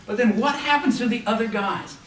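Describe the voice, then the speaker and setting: A man's voice: very high voice, fairly quick, a bit bright, echoey room, far from the mic, a little hiss or hum, poor audio. A man giving a classroom lecture, telling stories with many ums, restarts and false starts. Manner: rambling with frequent ums and restarts.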